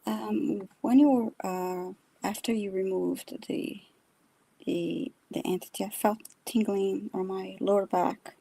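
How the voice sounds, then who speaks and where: A woman co-hosting a live psychic session, speaking quietly and hesitantly. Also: medium pitch, fairly even intonation, measured pace, creaky, husky. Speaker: co-host and psychic reader. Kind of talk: casual live-stream chat.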